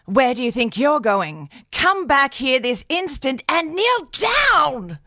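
Brief: a woman playing a harsh religious aunt, shrill and scolding, pitched up. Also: animated, unhurried, no echo, studio quality.

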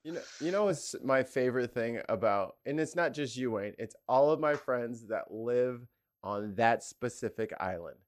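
A man's voice: medium pitch, animated, normal speed. A man co-hosting a podcast in casual chat, joking and teasing his friends. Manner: joking, teasing, mock-paranoid. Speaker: podcast co-host.

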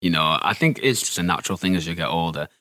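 A young man with a Yorkshire accent telling a personal love story in a loud, animated, camp way. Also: sits low, fast, dry recording, clean studio sound. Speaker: interviewee. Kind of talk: candid storytelling.

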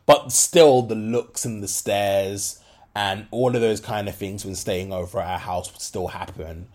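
Animated young man on a podcast. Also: fairly low pitch, a little slow, gravelly. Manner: candid, slangy, many fillers. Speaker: podcast host. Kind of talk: solo podcast monologue.

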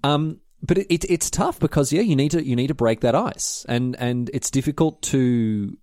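A man's voice: medium pitch, normal speed, dry recording, clean studio sound. A man co-hosting a casual podcast, jokey and rambling. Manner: animated, jokey, rambling with restarts. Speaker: podcast co-host.

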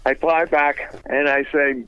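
An older man, a guest on a radio interview, telling anecdotes in a lively way and laughing through his stories. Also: on the high side, unhurried, clean tone. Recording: dull, dry lo-fi sound.

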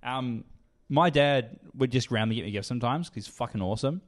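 A man's voice: medium pitch, a little fast. A man, co-hosting a casual podcast and telling a crude story, swearing and laughing as he goes. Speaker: podcast co-host.

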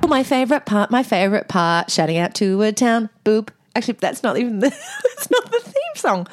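A woman's voice: a little high, big pitch swings, normal speed. A woman co-hosting a podcast in casual chat, joking and laughing often. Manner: joking, laughs often, puts on silly voices. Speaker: podcast co-host.

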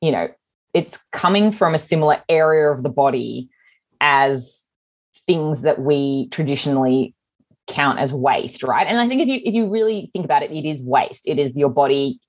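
Very low-voiced Australian woman. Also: normal speed. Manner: frank and animated, with frequent restarts. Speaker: podcast co-host. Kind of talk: casual chat.

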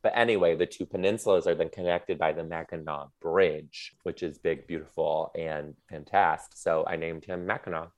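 A man chatting casually as a podcast guest, an animated storyteller who talks quickly and freely. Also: low voice. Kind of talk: casual chat. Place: home living in Seattle.

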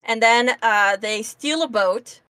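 A woman's voice: fairly high pitch, takes it slowly, a bit bright, no room sound, clean studio sound. A woman co-hosting a casual podcast, recapping a comic and playfully reading lines aloud. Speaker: podcast co-host. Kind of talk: casual chat about comics.

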